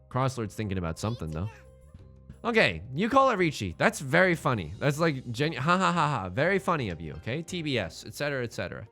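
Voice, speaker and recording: Casting: bright, animated man, game commentator, self-mocking jokester, faint music underneath. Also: on the high side. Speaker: let's play host.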